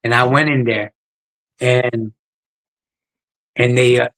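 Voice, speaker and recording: A man's voice: medium pitch, fairly even intonation, slow pace, a bit bright, rough recording. A man, a podcast guest telling his life story in a plain-spoken, earnest way. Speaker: guest, ultra runner. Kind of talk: podcast interview, personal story.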